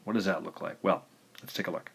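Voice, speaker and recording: Low-voiced man teaching slow pronunciation drills. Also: gravelly, breathy edge. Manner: slow, careful pronunciation drills with frequent "uh" fillers. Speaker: language teacher. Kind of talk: recorded lesson narration.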